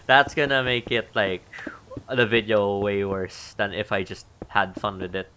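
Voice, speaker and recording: A man's voice: on the low side, steady tone, measured pace, sharp tone, a little hiss or hum. A man streaming a game and chatting casually, thinking aloud about what he is building and poking fun at himself. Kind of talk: casual gameplay stream talk.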